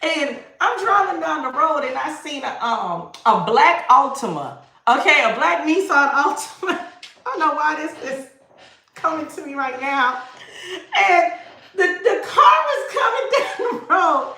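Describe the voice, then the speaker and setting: A woman giving a livestream tarot reading, talking in an animated, sassy way and often breaking into laughter. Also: high voice, measured pace, reverberant. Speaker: tarot reader.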